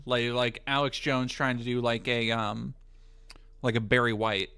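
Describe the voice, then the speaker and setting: A man's voice: medium pitch, flat delivery, a little slow, bright, forceful tone, clear, resonant tone. A man streaming live, chatting casually, joking and swearing as he rambles.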